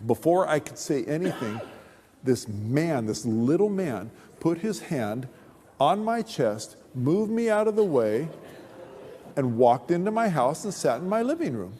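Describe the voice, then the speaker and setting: A man pastor telling his testimony in a sermon, as an animated, humorous storyteller. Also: on the high side, measured pace. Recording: long hall reverb.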